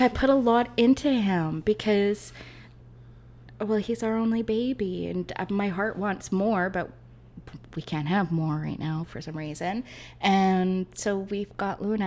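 A woman, a chatty podcast guest who rambles and talks warmly about home. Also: mid-range voice. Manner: chatty, rambling, warm-hearted. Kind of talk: casual podcast chat.

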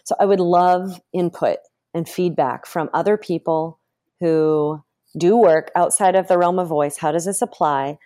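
A woman guest in an interview, talking about voice therapy in an animated way and acting out her therapy cues aloud. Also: fairly low pitch, measured pace. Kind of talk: casual interview talk.

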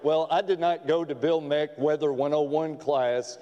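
A man preaching a sermon in a church, folksy and storytelling with gentle humor. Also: fairly high pitch, fairly even intonation, normal speed. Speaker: pastor. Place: church sanctuary. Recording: long church hall reverb.

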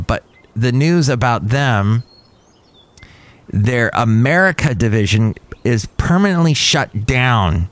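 A man hosting a podcast, musing over the news in casual chat with lively asides. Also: on the low side. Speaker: podcast host.

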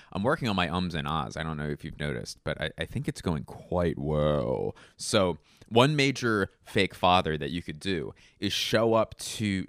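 A man's voice: sits low, fairly bright tone, no room sound, clean studio sound. A man hosting a solo comedy podcast, rambling through wry, self-mocking tangents.

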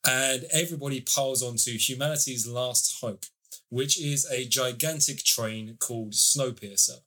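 At a moderate pace, a man with a sharp, mid-range voice co-hosts a podcast about a TV series. He gives lengthy plot summaries and casual reviews, chatty throughout with the odd curse.

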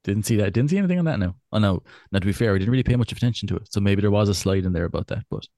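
A tired Irish man talks fast on a podcast in a gravelly, lowish voice. The sound is dry and close. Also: lively intonation, mellow, dry recording. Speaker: podcast co-host and editor. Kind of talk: casual chat.

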